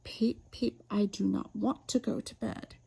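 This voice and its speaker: A woman's voice: medium pitch, fairly even intonation, measured pace, vocal fry, mellow, husky, exaggerated voice. A woman voicing a willful little boy chick who peeps and boasts he will stay up all night. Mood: whiny. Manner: piping peeps, stubborn boasting.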